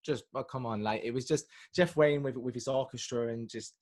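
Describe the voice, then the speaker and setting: A man, a guest chatting casually over a video call and telling animated stories. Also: mid-range voice, brisk. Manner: chatty, animated storyteller, lots of fillers and restarts. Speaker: guest, singer and actor. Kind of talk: casual interview chat.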